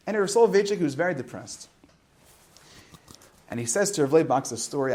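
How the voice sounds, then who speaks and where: Male rabbi, middle-aged, a touch high-pitched, animated storyteller for a student talk. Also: brisk, pauses often. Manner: animated storyteller, swings from loud to hushed. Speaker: rabbi teaching at a yeshiva high school.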